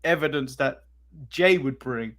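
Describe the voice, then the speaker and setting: A man's voice: medium pitch, unhurried, a bit bright. A man co-hosting a casual podcast, chatty, laughing often and acting out quotes as he recaps. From England. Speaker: co-host.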